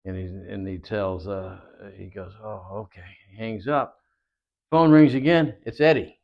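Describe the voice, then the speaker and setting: A man's voice: on the low side, a little slow, vocal fry. A man guest telling long wrestling-career stories in an interview, rambling with many fillers and acted-out dialogue. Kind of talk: storytelling interview. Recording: dull lo-fi audio.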